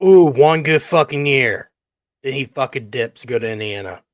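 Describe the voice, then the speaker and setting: A man hosting a podcast in an unfiltered, profanity-laced rant, voice sitting at a middling pitch. The sound is dry and close, with no room around it. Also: moderate pace, dry recording. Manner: profane, blunt ranting. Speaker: podcast co-host. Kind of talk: casual chat.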